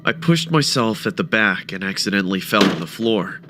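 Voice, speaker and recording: A man narrating a first-person horror story with a dramatic, expressive delivery. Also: fairly low pitch, normal speed, soft background music.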